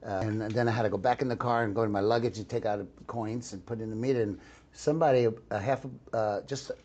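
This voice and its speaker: An older man, an actor being interviewed, talking in an excitable, rambling way full of restarts. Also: fairly low pitch, fast, a little hiss or hum. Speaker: actor interviewed about a film. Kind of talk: casual interview.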